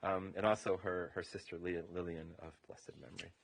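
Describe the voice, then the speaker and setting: A man's voice: sits low, flat delivery, brisk, vocal fry, slight background noise. Rabbi man giving a rambling eulogy. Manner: informal and meandering, leaning heavily on "you know". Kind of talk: funeral eulogy. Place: funeral home chapel.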